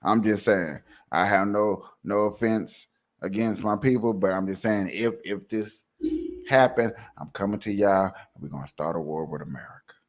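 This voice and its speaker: A man's voice: fairly low pitch, moderate pace. A man hosting a casual, joking commentary show, laughing and riffing. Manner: animated, joking, laughing often. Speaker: host.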